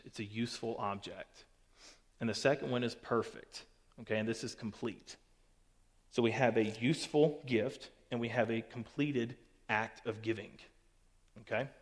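A man teaches Scripture in an easy, conversational way, his voice at a middle pitch. The sound carries a long hall reverb, as if recorded in a big sanctuary. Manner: conversational, peppered with "okay" and "all right". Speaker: pastor. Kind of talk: recorded Bible teaching to camera.

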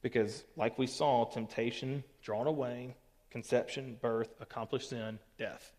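A man teaches Scripture in an easy, conversational way, his voice at a middle pitch. The sound carries a long hall reverb, as if recorded in a big sanctuary. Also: steady tone, a little slow, darkish tone. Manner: conversational, peppered with "okay" and "all right". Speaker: pastor. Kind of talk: recorded Bible teaching to camera.

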